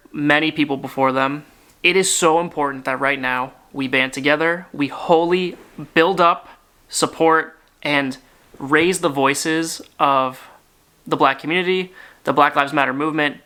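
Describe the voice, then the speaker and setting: Bright, clear-voiced young man urging viewers. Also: fairly high pitch. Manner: sincere, emphatic, speaks in lists of short phrases. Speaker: YouTube channel host. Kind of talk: earnest direct-to-camera appeal.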